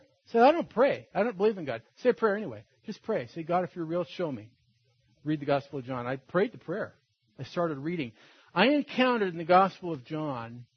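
An older man giving a personal testimony in an animated storytelling way, acting out the voices of people in his story. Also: on the high side, husky, no echo. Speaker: testimony speaker. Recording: dull dry lo-fi recording.

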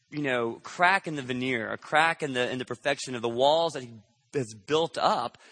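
Male pastor, bright and forceful tone, dry close sound; chatty sermon delivery with rhetorical check-ins. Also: on the high side, no echo. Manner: conversational, checks in with rhetorical questions.

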